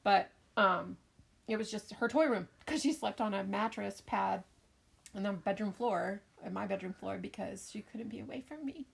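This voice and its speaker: Gravelly-voiced mother telling a story. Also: mid-range voice, moderate pace. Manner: animated storyteller, acts out voices and laughs often. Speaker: podcast co-host, mother. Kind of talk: casual storytelling chat.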